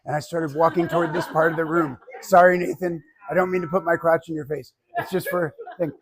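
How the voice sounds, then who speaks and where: A man teaching public speaking, giving an animated, joking demonstration speech straight to his class. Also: on the high side, a little fast, a crowd in the background. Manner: animated and joking, addressing the audience directly.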